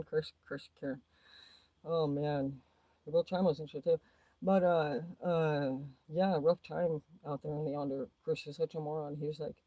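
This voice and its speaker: Husky, foul-mouthed woman ranting. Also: deep voice, warm tone, no room sound, low-quality recording. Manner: foul-mouthed, sarcastic, combative. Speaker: livestream host. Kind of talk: profane ranting livestream.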